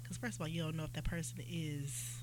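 Fast-talking woman over a humming noise. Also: sits low. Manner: quick, lively, expressive. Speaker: podcast co-host. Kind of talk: casual chat. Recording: noisy with a hum.

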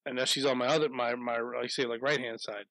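A man's voice: mid-range voice, steady tone, fast, a bit bright, dry recording, rough recording. Foul-mouthed man telling a rambling story. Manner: profane, rambling, laughs through anecdotes. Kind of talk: casual storytelling chat.

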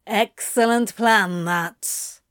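A woman's voice: medium pitch, slow pace, dry recording, studio quality, natural voice. A woman voicing a sneering male demon who drawls mockingly.

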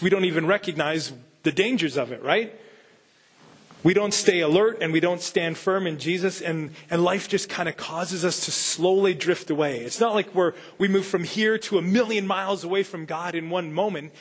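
A man's voice: high voice, breathy edge. A man pastor giving a conversational sermon, full of rhetorical questions and casual asides.

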